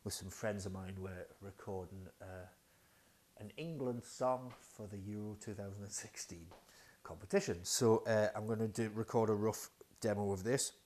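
A man tests a wireless radio mic in his dining room, speaking through it as he casually reviews new audio gear and thinks aloud, full of fillers and hesitations. His voice is fairly low and darkish, at a normal speed.

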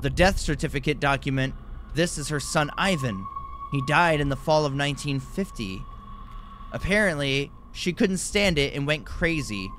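A man's voice: a little high, expressive, moderate pace, a bit bright, faint music behind. A man giving nervous, jumpy commentary while playing a horror game, with frequent exclamations. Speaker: gaming YouTuber.

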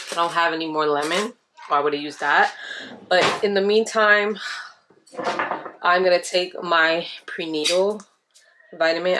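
Young mom vlogger, lowish voice, talks straight to her viewers, noisy home recording with clicks. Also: fairly bright tone. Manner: chatty, talks to viewers directly; patient, coaxing with her child. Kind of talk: casual home vlog chat. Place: apartment home.

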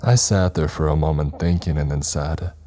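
A man narrating a first-person scary story in a calm, measured, scripted way. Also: very deep voice. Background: faint background music.

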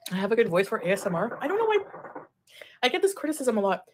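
A woman's voice: fairly high pitch, very animated, rapid-fire, noisy background. A woman streaming live, chatting casually with viewers, reading comments and laughing often. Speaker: livestreamer. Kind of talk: casual livestream chat.

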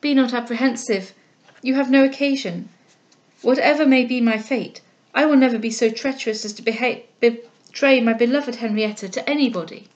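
A woman reading a novel aloud, voicing a kind, composed young heiress who speaks in a gentle, measured way. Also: a little high, highs cut off, lightly acted. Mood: gentle, earnest.

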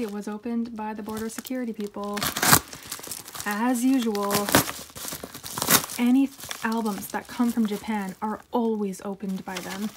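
A woman's voice: medium pitch, background noise. A young woman in casual chat, unboxing her K-pop haul on her floor at home and gushing, sometimes dropping to a whisper. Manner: gushing, excitable, drops to whispers. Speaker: K-pop collector vlogger.

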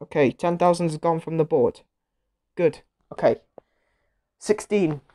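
A woman giving casual commentary while she plays a game show video game, reacting loudly to each result and getting easily annoyed. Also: deep voice, unhurried, a little hiss or hum.

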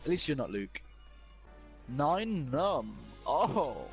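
A young man playing an online shooter with a friend, loud and excitable, swearing and laughing often. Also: a little high, very slow, faint music behind. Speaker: gamer streamer. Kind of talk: excited gaming banter.

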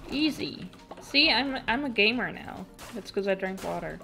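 A woman's voice: medium pitch, gravelly, pushed and bright. A young woman streaming a video game, chatting casually, swearing and laughing as she reacts to the play. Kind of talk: casual gaming stream chat.

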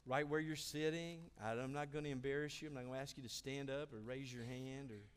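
A man's voice: mid-range voice, steady tone, brisk, clear, resonant tone. Emphatic man preaching in a reverberant church. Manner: emphatic, repeats key lines, swings from loud preaching to hushed. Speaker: pastor. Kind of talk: sermon. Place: church sanctuary.

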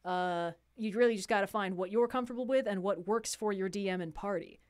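A woman's voice: medium pitch, fairly quick, darkish tone. A young woman co-hosting a casual livestream chat, talkative and laughing often between filler words. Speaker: co-host.

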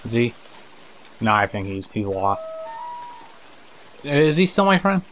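A man's voice: on the low side, very animated, slow pace, a bit bright, soft background music. A man giving casual let's-play commentary, chatting to the characters on screen, laughing and swearing as he plays. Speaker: gameplay commentator.

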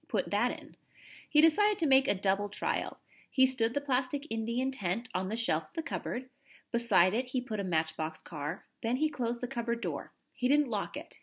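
A woman reading a children's novel aloud in an expressive, animated storytelling manner. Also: medium pitch, breathy edge. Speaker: audiobook reader.

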